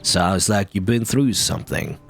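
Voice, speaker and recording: A man voicing a weary, cryptic old male janitor in a video game, speaking slowly and quietly. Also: creaky, soft background music. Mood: calm. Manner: slow, low and quiet.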